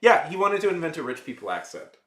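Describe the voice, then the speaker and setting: A man's voice: on the high side, big pitch swings, fast, fairly bright tone, roomy sound. A man chatting casually with his live-stream viewers, rambling with lots of fillers.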